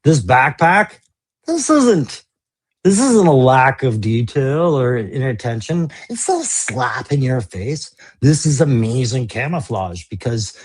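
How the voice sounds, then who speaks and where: A man co-hosting a toy show, arguing mock courtroom cases in an animated, laughing way with theatrical outbursts. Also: mid-range voice, slow, breathy edge. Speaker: co-host. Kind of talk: playful mock courtroom banter.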